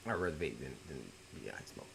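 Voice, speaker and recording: A middle-aged man telling a story from his own life in a casual, profane way, jumping between loud outbursts and low mutters at home. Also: lively intonation, fast, gravelly, a little hiss or hum. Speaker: YouTube storyteller.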